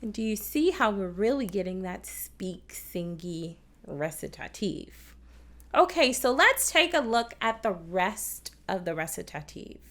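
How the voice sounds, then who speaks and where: Slow, lively-voiced woman teaching kids. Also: mid-range voice. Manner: patient, encouraging, addresses viewers at home. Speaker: children's music teacher. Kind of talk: kids' TV music lesson.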